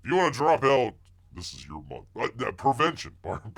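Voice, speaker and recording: A man's voice: mid-range voice, huge pitch swings, a little fast. A middle-aged man hosting a live stream in casual chat, joking and rambling as he reads viewer messages aloud. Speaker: livestream host.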